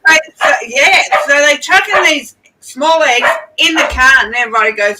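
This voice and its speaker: Brief: high-pitched Australian woman guest, indignant ranter, heavy background noise. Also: animated, moderate pace, hardly any pauses. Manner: indignant ranting, says "bloody" constantly. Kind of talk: casual livestream chat.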